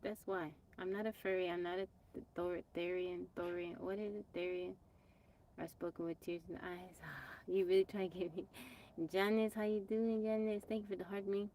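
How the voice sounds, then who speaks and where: A woman's voice: fairly low pitch, level tone, moderate pace, mellow, a little hiss or hum. A woman from Texas hosting a casual livestream on her phone, chatting with viewers, greeting them by name and brushing off trolls plainly. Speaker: livestream host. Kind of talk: casual live-stream chat. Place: off-grid home.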